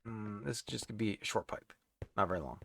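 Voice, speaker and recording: A game streamer plays a building game, rambling casually and chatting to the creatures on screen. His voice is lowish and creaky, and he speaks fairly fast over loud background noise.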